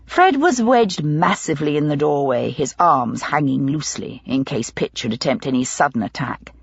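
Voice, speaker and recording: Husky-voiced woman narrating a mystery. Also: deep voice, animated, moderate pace, hardly any pauses, no echo, dull audio. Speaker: audiobook narrator. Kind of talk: scripted narration.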